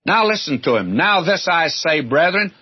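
A man's voice: fairly high pitch, sing-song, normal speed, breathy edge, dry recording. An older man preaching a sermon, teaching through a Bible passage in a folksy, emphatic way. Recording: dull, lo-fi older recording.

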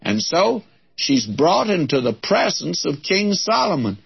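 Slow unhurried preacher guy, husky voice, dull old lo-fi tape sound. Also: fairly high pitch. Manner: expressive storytelling, quoting scripture in old-fashioned phrasing. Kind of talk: sermon.

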